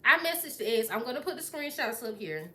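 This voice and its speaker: A young woman vlogger telling a story in casual chat, animated and swearing freely, acting out what people said. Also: on the high side, fairly quick.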